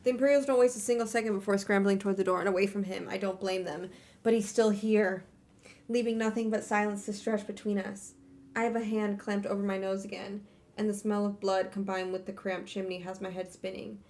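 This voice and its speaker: A woman's voice: medium pitch, steady tone, a little fast, darkish tone. A young woman streamer reading a fantasy novel aloud in first person, with casual asides and curses between passages. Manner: reads in first person, breaks off to laugh and curse. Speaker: streamer hosting a book club reading.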